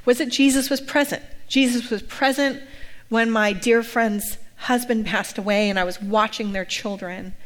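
A middle-aged woman pastor giving a personal testimony, telling stories with lively acted-out quotes. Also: a little high, moderate pace, in a large hall. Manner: lively storytelling, acting out quoted voices.

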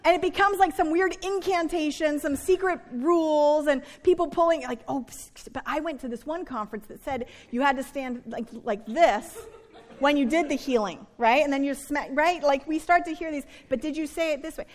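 Woman, middle-aged, pastor, preaching a sermon, high-pitched, earnest, slow soft emphasis. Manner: earnest, slows for emphasis, drops soft and low on key words.

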